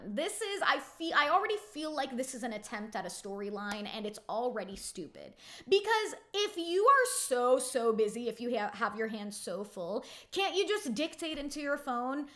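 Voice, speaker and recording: A woman's voice: sits high, sing-song, normal speed, bright, forceful tone. A woman in her twenties giving a casual, opinionated recap of a reality TV episode, filling her talk with "like". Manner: chatty and opinionated, heavy use of "like".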